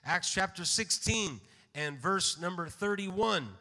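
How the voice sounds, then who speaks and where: A man preaching a sermon in a church sanctuary, speaking in a measured way and calling out amen. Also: high voice, pushed and bright. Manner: measured, slows for scripture readings, calls out amen. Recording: long hall reverb.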